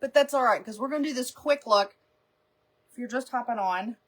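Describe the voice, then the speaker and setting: With frequent laughs, a woman hosts a live makeup stream, chatting loosely and rambling through her stories. She talks a little fast in a slightly high voice.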